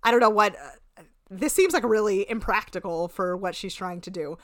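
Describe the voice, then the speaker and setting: A woman's voice: medium pitch, normal speed, no echo, clean studio sound. A woman casually recapping a reality show as a podcast co-host, chatty and full of filler words and swearing. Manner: chatty, sprinkles "like" and swearing, animated retelling. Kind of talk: casual chat.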